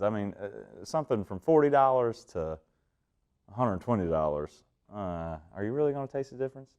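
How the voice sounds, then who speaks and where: A young man from southern Indiana with a twangy drawl, answering interview questions in a slow, laid-back way. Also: on the low side, darkish tone. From Indiana, USA. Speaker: country singer interviewee.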